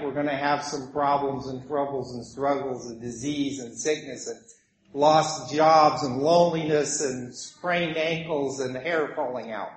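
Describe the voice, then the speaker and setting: A preacher man delivers his sermon at an unhurried pace, in a voice a little higher than most men's. He tells the story vividly, acting out its voices. The room around him is echoey. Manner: animated storytelling with acted voices.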